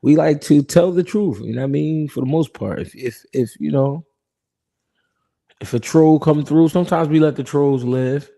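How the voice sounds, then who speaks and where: A mellow mid-range male voice with vocal fry moves at a moderate pace. The man hosts a boxing talk stream live, chatting loosely in slang as he reads viewer comments, often laughing and repeating himself.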